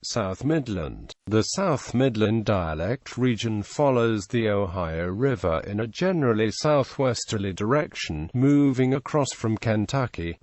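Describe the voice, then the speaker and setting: A man's voice: lowish voice, darkish tone, dry recording. A text-to-speech male voice reading an encyclopedia article aloud in a mechanical, evenly paced way, with odd misreadings. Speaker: narrator.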